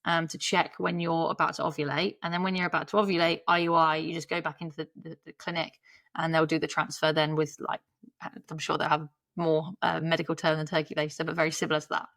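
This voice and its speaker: A woman talks in a low, gravelly voice, recorded dry and close. She tells a long personal story in a chatty, candid way, with frequent laughs and restarts. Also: little pitch movement, fast talker, fairly bright tone, no room sound. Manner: chatty, laughs often, self-interrupting. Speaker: podcast guest.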